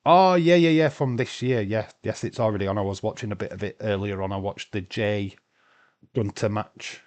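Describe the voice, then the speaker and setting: A man's voice: lowish voice, normal speed, darkish tone. A man hosting a casual live watch-along stream, chatting loosely, answering viewers' comments and swearing now and then. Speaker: livestream host.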